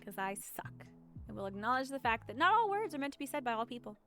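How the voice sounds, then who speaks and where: A woman's voice: a little high, sing-song, quick pace, pushed and bright, soft background music. A woman streamer chatting casually and rambling while she plays, often giggling. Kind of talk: casual chat while gaming.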